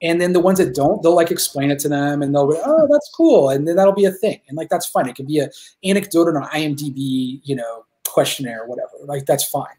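A man talking as a guest filmmaker in a casual interview, excited and rambling, swearing freely as he tells stories. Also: on the high side, quick pace.

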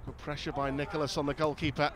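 A man commentating on football match highlights, calm between chances and jumping up loud at goals. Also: fast. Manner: rises sharply and loud when goals go in. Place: outdoors at a windy football ground.

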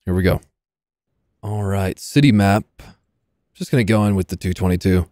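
A man giving casual commentary over his own gameplay, excitable, swearing freely and talking to enemy tanks. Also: deep voice, moderate pace, no room sound, clean studio sound. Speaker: gaming YouTuber.

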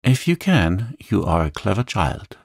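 A man voicing a severe, stately headmistress in a calm storybook reading. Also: low voice, unhurried, creaky, breathy edge, no echo, studio quality, heavily acted. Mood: stern. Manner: stern and stately.

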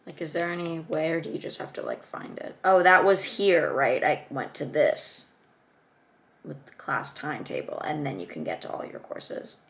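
A woman's voice: deep voice, moderate pace. Gushing young woman vlogger. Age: young adult. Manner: excited, gushing, lots of gasps and fillers. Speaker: student vlogger. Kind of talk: casual chat.

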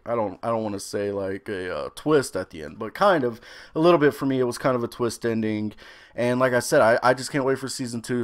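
A young adult man giving a casual, rambling review of a series, excitable and swearing freely. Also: mid-range voice.

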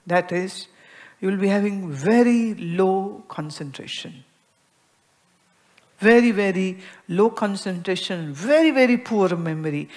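Expressive Indian woman giving a spiritual talk. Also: medium pitch. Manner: expressive, acts out everyday dialogues, swings between soft and emphatic. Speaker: spiritual teacher. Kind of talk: spiritual discourse to an audience.

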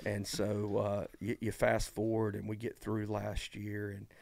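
A middle-aged man, a college baseball coach telling his story as a podcast guest in a folksy, animated way full of fillers and restarts. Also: on the low side, unhurried, creaky, no echo. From eastern North Carolina. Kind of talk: casual storytelling conversation.

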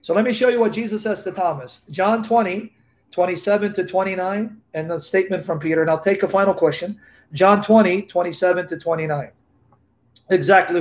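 A man with a high-pitched voice preaches to a live audience over a video call. He is emphatic and repetitive, circling back to the same scripture references as he teaches. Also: a little fast. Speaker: Bible teacher.

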